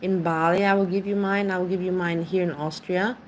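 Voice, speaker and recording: Lowish woman rambling on her stream, chatty, bit of noise in the background. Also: steady tone, fairly quick. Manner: rambling, chatty, greets chat by name. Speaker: livestream host. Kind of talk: casual livestream chat. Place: home.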